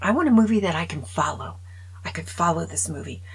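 Very husky woman reviewing movies. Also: low voice, animated, brisk, poor audio. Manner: chatty, opinionated, drops into whispers. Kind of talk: casual video review.

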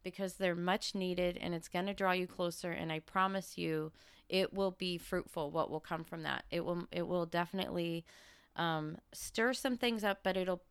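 A woman's voice: on the low side, steady tone, moderate pace, smooth, dry recording. A woman co-hosting a marriage podcast, a coach speaking in a frank, teasing, casual way. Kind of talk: casual chat.

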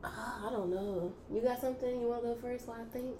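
A woman's voice: a little high, quick pace. A young woman co-hosting a podcast, chatting casually and thinking aloud with many fillers. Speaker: podcast co-host. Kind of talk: casual chat. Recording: echoey room with clear background noise.

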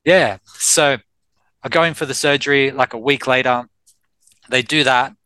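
An Australian man in his thirties, a life coach telling his own story in a candid, animated way with quoted dialogue. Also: medium pitch, normal speed, clear, resonant tone, no room sound, low-quality recording. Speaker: life coach and personal trainer, guest. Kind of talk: casual storytelling in an interview.

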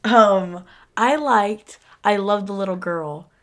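A woman co-hosting a podcast in an easygoing, unhurried way. She laughs a lot and acts out lines she quotes from the show. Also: medium pitch, a bit bright. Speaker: podcast co-host. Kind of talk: casual chat recapping a TV episode.

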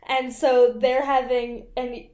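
A woman in casual chat as a podcast co-host, chatty and quick to laugh while quoting characters. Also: fairly high pitch, a little mellow. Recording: echoey room.

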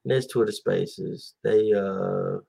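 A man's voice: low-pitched, slow, gravelly, mellow, husky. A man hosting a casual talk show, rambling animatedly with many fillers and acted-out quotes. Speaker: podcast host. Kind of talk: casual chat about basketball.

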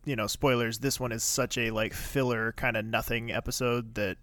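A man co-hosting a podcast, giving episode details and wry, relaxed commentary. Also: medium pitch, moderate pace, no room sound. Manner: relaxed, wry, reads episode credits and ratings. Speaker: podcast co-host. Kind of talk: casual chat recapping a TV episode.

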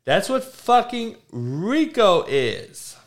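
A man's voice: high voice, sing-song, extremely slow. A middle-aged man ranting as a podcast host, blunt, sarcastic and heavy on profanity, often stammering through restarts. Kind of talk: profane rant.

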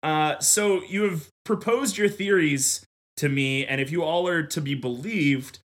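A man hosting a comedy podcast, exasperated and incredulous as he steers his co-hosts. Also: a little high. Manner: exasperated, incredulous, quick to laugh. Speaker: podcast host.

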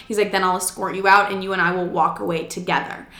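A woman's voice: mid-range voice, flat delivery, fast talker, hardly any pauses, a bit bright, roomy sound. A young woman telling a casual story time, chatty and swearing, acting out the quotes. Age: young adult.

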